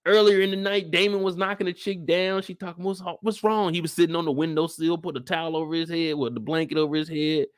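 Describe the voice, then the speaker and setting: A man's voice: a little high, clear, resonant tone. A young man, hosting a casual live show recap and acting out the characters as he talks. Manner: animated storytelling, acts out characters in quick voice switches.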